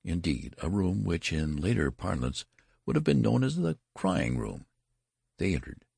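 A man narrating a literary story in an expressive, theatrical reading. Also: low-pitched, measured pace, creaky, slightly rough, dry recording, studio quality. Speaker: audiobook narrator.

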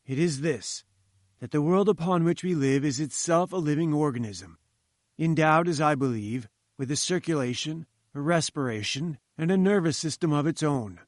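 A man's voice: fairly high pitch, normal speed, dry recording, studio quality, close to an everyday voice. A man doing a pompous, lecturing old professor. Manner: condescending, lecturing. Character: pompous, patronizing older male professor. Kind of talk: audiobook reading.

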